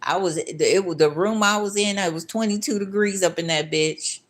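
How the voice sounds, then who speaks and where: A woman's voice: mid-range voice, normal speed. A woman vlogger in a casual ranting monologue, blunt and profane, angry and repeating herself when she gets worked up.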